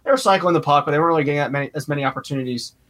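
A man co-hosting a podcast, talking in animated casual chat and jumping between points. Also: on the high side, very fast. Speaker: podcast co-host.

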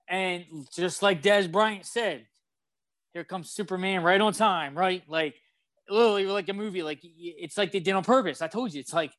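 A young man co-hosting a sports podcast, animated and fast-flowing as he retells a game and acts out his own shouting at the TV. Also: sits high, no echo. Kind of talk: casual sports talk.

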